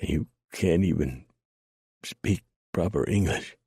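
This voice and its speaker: Man doing a dying outlaw, gasping, faint, bitter, very deep gravelly voice. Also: takes it slowly, mellow, no room sound, clean studio sound, full character voice.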